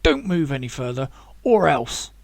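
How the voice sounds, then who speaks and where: A man's voice: mid-range voice, very animated, normal speed, vocal fry, no room sound. A man voicing a determined young man who speaks firmly and threateningly. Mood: menacing. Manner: firm, commanding.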